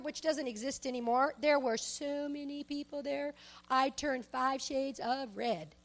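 A woman preaching a sermon, emphatic, shifting between loud exhortation and soft asides and personal stories. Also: high-pitched, moderate pace. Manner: tells personal stories, acts out quoted speech.

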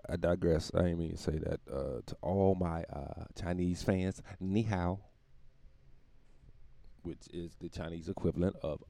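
A man's voice: low voice, fairly even intonation, a little slow, vocal fry, warm tone, no room sound. A man hosting his own podcast, rambling through a profane comedic monologue and laughing at his own jokes. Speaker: podcast host.

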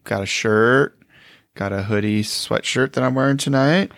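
A man's voice: mid-range voice, normal speed, gravelly, a bit bright, dry recording, studio quality. A middle-aged man co-hosting a podcast in casual, wry chat. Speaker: podcast co-host.

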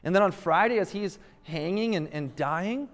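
A man's voice: sits high, normal speed, big-room sound. A male pastor preaching a sermon, emphatic and repeating rhetorical questions to press his point.

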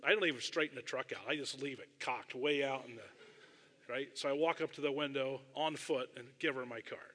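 In a large church sanctuary full of long reverb, a middle-aged man preaches a little fast at medium pitch, his voice bright and clear. His sermon takes a relaxed, storytelling shape, with self-deprecating laughs and offhand asides.

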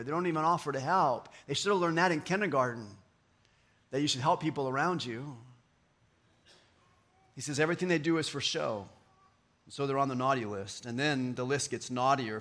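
Male pastor, high bright voice, casual playful sermon delivery. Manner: conversational, playful preaching with voiced quotes and asides.

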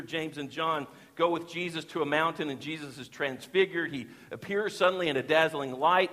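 A man delivers a sermon with a fairly high, earnest voice, pressing hard on key phrases and slowing for scripture. His voice rings with the long reverb of a church sanctuary. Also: a bit bright. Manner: earnest, rises in intensity on emphatic phrases, slows for quotes. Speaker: pastor.

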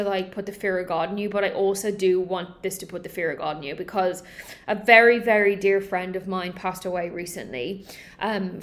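A young woman hosting her podcast alone, talking emphatically and with passion, swearing freely and saying "like" a lot. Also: medium pitch. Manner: impassioned and emphatic, swears often, says "like" a lot. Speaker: podcast host. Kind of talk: solo podcast talk.

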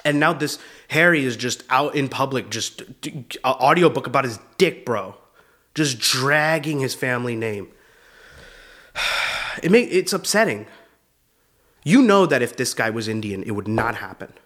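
A man's voice: mid-range voice, lively intonation, moderate pace, fairly bright tone. A male comedian hosting his show, riffing in a loose, profane monologue that is full of "dude". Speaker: comedian host.

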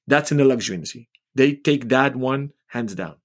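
Opinionated middle-aged man talking shop. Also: medium pitch. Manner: direct, opinionated, measured. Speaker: podcast co-host, watch retailer. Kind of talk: casual chat.

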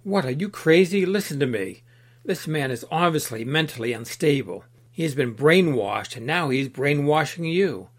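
A man's voice: a little high, animated, moderate pace. Man doing a dismissive, grumbling skeptic man in a storybook reading. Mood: scornful. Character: closed-minded grumbling male skeptic.

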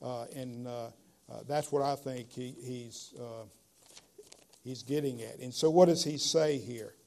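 A man preaching a sermon, emphatic, slowing down to stress key phrases, with frequent "uh" fillers. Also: mid-range voice, fairly even intonation, vocal fry, mellow.

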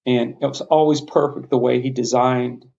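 Middle-aged man, passionate, heartfelt, halting, fry in the voice, dull lo-fi audio. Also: medium pitch, steady tone, a little mellow. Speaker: podcast guest. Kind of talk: earnest personal storytelling. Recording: slightly muffled lo-fi sound.

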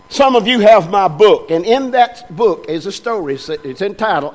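An older man preaches in a homespun, storytelling way. His voice sits high for a man and keeps drawing the congregation in with questions. Soft music plays quietly behind him. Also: animated, moderate pace, hardly any pauses. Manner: folksy, chatty, asks the congregation questions. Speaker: pastor. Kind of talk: folksy storytelling sermon. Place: church sanctuary.

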